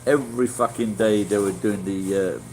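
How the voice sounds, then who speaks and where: A man's voice: fairly low pitch, steady tone, normal speed, a little mellow, a little hiss or hum, poor audio. Blunt Yorkshire man chatting casually. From Yorkshire, England. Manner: rambling and blunt, swears freely, many restarts. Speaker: vlogger chatting with live viewers. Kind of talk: casual livestream chat.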